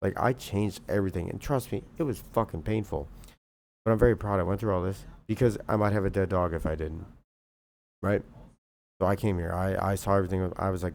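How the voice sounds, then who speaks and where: A man's voice: low voice, steady tone, brisk, vocal fry, a little mellow, a little hiss or hum. A young man livestreaming, talking in an agitated, rambling rant full of swearing. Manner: agitated, profane, repeats "bro".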